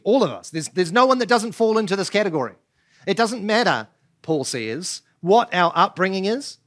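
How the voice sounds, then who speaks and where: A man's voice: fairly high pitch, fairly bright tone. A man preaching a sermon as pastor, asking rhetorical questions and pressing his points with emphasis. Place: church.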